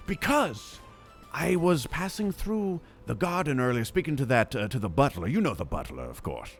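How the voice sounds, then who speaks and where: A man voicing a pompous, scheming nobleman at a tabletop game, sweeping his pitch up and down with lively flourish. The voice sits on the higher side for a man, with faint music in the background. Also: moderate pace. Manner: pompous mock-aristocratic lord voice. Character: smooth-talking scheming male lord. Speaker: player. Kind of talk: in-character tabletop role-play.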